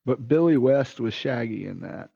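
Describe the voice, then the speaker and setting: Low-fi guest man, politely correcting. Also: animated, moderate pace, vocal fry, dark tone, breathy edge, highs cut off. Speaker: podcast guest. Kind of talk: casual chat.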